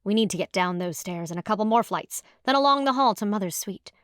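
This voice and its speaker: A woman narrating a first-person audiobook in a lively, expressive storytelling manner. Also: mid-range voice, fast, no echo. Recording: dry close studio sound.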